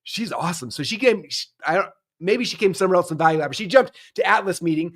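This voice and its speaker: Fast-talking, upbeat male host. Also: high-pitched, animated, a bit bright. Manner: upbeat, fast, filler-heavy casual talk. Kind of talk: enthusiastic event promo chat.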